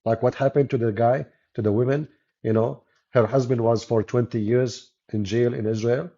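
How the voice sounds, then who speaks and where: A man with an Arabic accent, whose first language is Arabic, delivers sarcastic live-stream commentary in a gravelly, mellow voice. He mocks as he talks, in his role as a debater and channel host. The recording sounds dull and lo-fi. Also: mid-range voice, steady tone, moderate pace. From Arab world. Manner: mocking, sarcastic. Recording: dull lo-fi audio.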